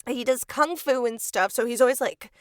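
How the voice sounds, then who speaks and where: A woman co-hosting a podcast, telling animated stories and laughing often as she acts out quotes. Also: on the high side, moderate pace, no room sound, studio quality. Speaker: podcast co-host. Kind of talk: casual chat.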